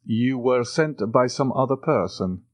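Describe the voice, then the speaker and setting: A man voicing a composed count who speaks in a measured, assured way. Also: mid-range voice, animated, no echo, clean studio sound, pitched above the performer's own voice, natural voice.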